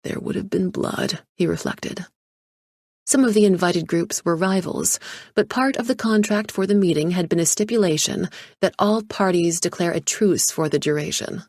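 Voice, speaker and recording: A woman narrating a thriller audiobook in a measured storytelling style, close to the mic. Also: lowish voice, a little mellow, dry recording.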